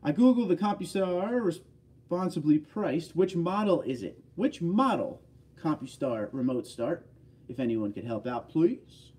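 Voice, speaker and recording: A man's voice: on the high side, lively intonation, measured pace, dark tone, slightly rough, far from the mic. A man from the northeastern United States hosting a casual livestream, chatty and reading viewer comments aloud. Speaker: livestream host.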